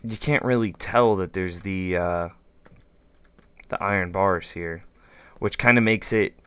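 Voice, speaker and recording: A man's voice: sits low, unhurried, fairly bright tone, clear, resonant tone. A man hosting a let's play, thinking aloud in casual gameplay commentary with lots of fillers and goofy asides.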